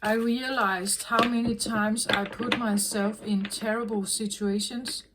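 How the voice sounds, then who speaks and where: A woman tarot reader talking in a slow, earnest, reflective way, often repeating herself as she works through a thought. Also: mid-range voice, steady tone, noisy background. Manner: slow, repetitive, earnest, self-correcting. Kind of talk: reflective spoken reading.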